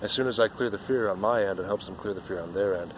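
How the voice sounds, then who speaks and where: A man's voice: on the low side, quick pace, noisy background. A man giving an earnest, rambling spiritual monologue outdoors, often repeating himself.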